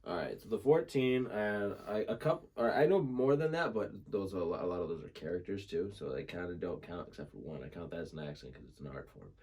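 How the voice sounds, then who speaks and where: A young man talking casually as a podcast guest, laughing often and slipping into quick impressions. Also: deep voice, expressive, darkish tone. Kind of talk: casual chat.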